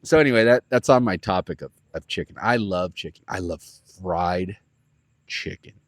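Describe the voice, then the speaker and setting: A man hosting a podcast, telling a rambling, animated story full of fillers. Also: low-pitched, moderate pace, no echo. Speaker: podcast host. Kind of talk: casual storytelling monologue.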